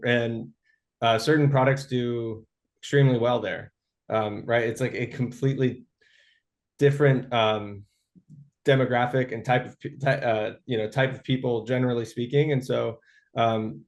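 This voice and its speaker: A man talking through a webinar answer in an easygoing, loose way. He circles back on his words often and fills gaps with hesitations. His pitch sits right in the middle for a man. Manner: rambling, many restarts and fillers. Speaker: webinar panelist. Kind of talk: casual webinar talk.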